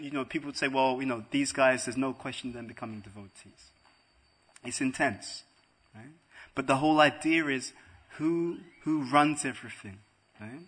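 A man with a somewhat high, husky voice delivers a devotional lecture to listeners in a room. He argues point by point and keeps checking in with a quick "right?" after his claims. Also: fairly bright tone. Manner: rhetorical, keeps asking "right?". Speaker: spiritual lecturer. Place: room with a live audience.

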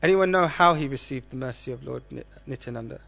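A man giving a scripture class, speaking in a measured way and asking the audience questions. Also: medium pitch, creaky, a bit bright.

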